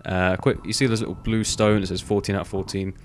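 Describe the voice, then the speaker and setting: Over faint background music, a young man with a deep voice comments on gameplay at a quick pace and a level tone. This gaming video host rambles casually, swearing offhandedly and padding pauses with "um" and "like."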